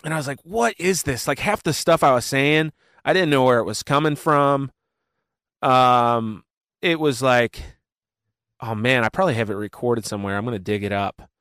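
A man talking casually in an interview, animated and full of fillers as he tells his story. His voice is smooth and resonant, at a middle pitch, and the recording is dry and close. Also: dry recording. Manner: animated storyteller with many fillers and quick asides. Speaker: worship pastor, guest.

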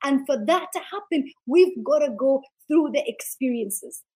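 A woman's voice: high-pitched, expressive, a little slow, darkish tone, low-quality recording. A woman who founded a ministry, a guest telling a healing testimony in an interview with passionate, preacher-like delivery. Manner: passionate, preacher-like, acts out quotes.

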